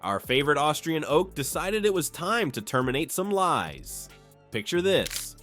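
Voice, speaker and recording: Male narrator, slightly high voice, lively and snarky, with faint music underneath. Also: normal speed. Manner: snarky, punchline-driven. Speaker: commentary narrator. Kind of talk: scripted comedic narration.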